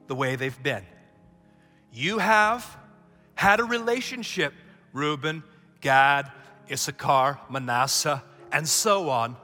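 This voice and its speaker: High, bright-voiced preacher in a reverberant hall. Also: male voice. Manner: emphatic, call-and-response preaching that builds to shouts. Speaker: pastor. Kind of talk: sermon. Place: church sanctuary. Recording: long hall reverb, faint music behind.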